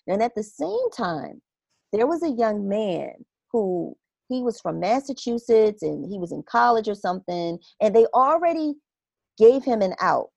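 Woman, mid-pitched, earnest and animated storyteller, close dry recording. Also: creaky, no room sound. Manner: animated, acts out her own inner reactions; earnest and reflective. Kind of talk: casual conversational storytelling.

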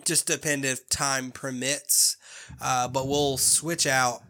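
A man's voice: medium pitch, steady tone, slow pace, pushed and bright. A man co-hosting a casual podcast, laid-back, swearing freely and laughing often. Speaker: podcast co-host. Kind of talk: casual chat.

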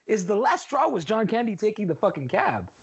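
Guy on a movie podcast, high raspy voice, cussing a lot and doing the movie lines, pitch all over the place. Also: fairly quick, dull audio. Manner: profane, animated, acts out movie quotes. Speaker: podcast co-host. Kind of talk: casual movie chat.

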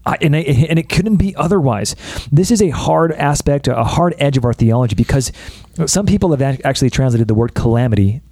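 An American man with a mellow, warm tone and a mid-range pitch makes emphatic points about scripture. His delivery is animated, with lively joking asides. The sound is dry and close. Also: fairly quick, no echo. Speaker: podcast co-host. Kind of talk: casual Bible discussion.

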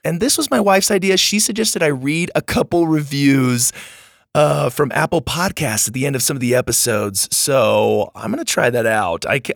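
A man's voice: mid-range voice, creaky, no room sound, clean studio sound. A man hosting a podcast, chatting casually with listeners in an upbeat, gushing way as he thanks them. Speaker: podcast host. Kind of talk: casual outro chat with listeners.

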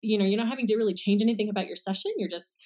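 A woman talks through her clinical methods in a relaxed podcast chat. She walks through each point with everyday examples, in a friendly, easygoing way. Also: mid-range voice, very fast. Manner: friendly, explains step by step with examples. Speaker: speech-language pathologist guest. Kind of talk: casual explanatory podcast talk.

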